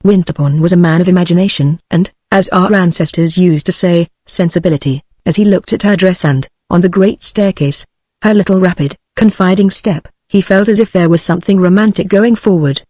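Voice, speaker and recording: A woman's voice: lowish voice, brisk, dry recording. Dry synthetic British woman narrating. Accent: British English. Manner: even, machine-like reading. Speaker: audiobook narrator. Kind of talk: text-to-speech audiobook narration.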